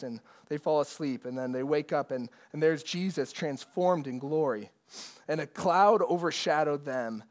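Man, pastor, sermon, earnest, reads scripture aloud, slightly high voice. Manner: earnest preaching with scripture readings, occasional restarts.

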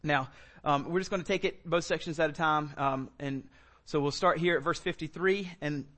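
A man's voice: fairly high pitch, normal speed, fairly bright tone. A man preaching a sermon as pastor, talking in a loose, conversational way with fillers and repeated words.

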